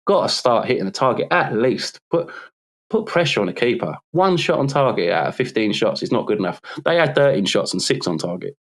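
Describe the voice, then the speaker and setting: A man's voice: mid-range voice, lively intonation, a little fast. A man with a London accent in casual podcast chat about football, chatty and teasing, laughing easily. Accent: London English. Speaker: podcast co-host.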